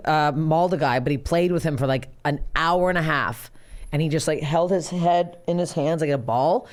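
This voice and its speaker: A woman hosting a comedy podcast, chatting casually and riffing crude jokes with frequent laughter. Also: low voice. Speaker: podcast host.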